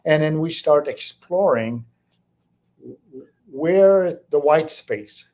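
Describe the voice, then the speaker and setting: An older man with a French Canadian accent, a French native speaker, answering interview questions in a reflective, halting way. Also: on the high side, animated, a little mellow. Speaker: guest, entrepreneur.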